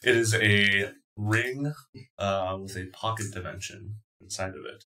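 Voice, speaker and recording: Guy dming a tabletop one-shot, lowish bright voice, laid back, faint hiss. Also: a little slow. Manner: relaxed, chuckling, prompts for dice rolls. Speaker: dungeon master. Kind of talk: running a tabletop game.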